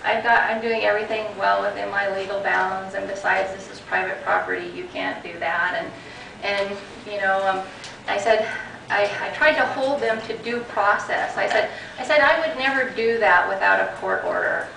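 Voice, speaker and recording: Woman guest speaker, gravelly and bright, animated storyteller; echoey room, off-mic. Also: mid-range voice, normal speed, background noise. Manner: animated retelling with many restarts and quoted dialogue. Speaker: guest speaker at a property-rights group meeting. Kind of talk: personal storytelling talk. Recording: echoey room recording from a distance.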